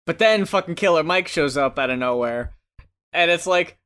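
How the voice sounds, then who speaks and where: A man's voice: on the high side, expressive, normal speed, fairly bright tone, clear, resonant tone. A man co-hosting a podcast, chatting casually and joking with a laid-back, swearing manner. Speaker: podcast co-host reviewing albums. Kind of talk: casual chat.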